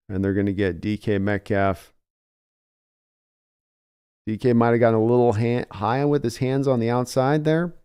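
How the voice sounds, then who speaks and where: Smooth-voiced man calling plays live. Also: darkish tone. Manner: conversational, climbs in pitch and energy on big plays. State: early morning voice. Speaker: live reaction host. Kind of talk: fan play-by-play commentary.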